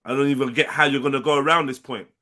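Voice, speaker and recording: A man's voice: mid-range voice, steady tone, fast, pushed and bright. A man hosting a live panel stream, brash, profane and combative in debate.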